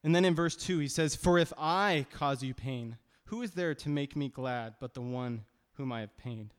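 A man's voice: medium pitch, normal speed, clear, resonant tone. A man preaching a sermon as pastor, conversational and emphatic, with frequent restarts. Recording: long reverb of a hall.

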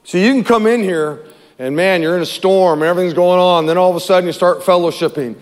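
A male pastor preaching a sermon, with a higher-than-usual voice. He talks in an animated way, acting out voices and swinging from loud to hushed. A long hall reverb trails his words. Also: fast.

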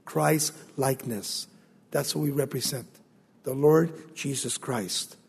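A man preaching a sermon, building to loud emphasis and acting out the voices of biblical figures. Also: mid-range voice, takes it slowly, gravelly, slightly rough. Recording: long hall reverb.

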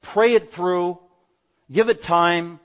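A man preaching a verse-by-verse sermon in a quick, animated delivery. His voice sits a little high for a man, and he swings from loud, punchy emphasis down to quiet asides. The recording is dull and lo-fi. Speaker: pastor. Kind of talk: expository sermon. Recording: dull lo-fi sound.

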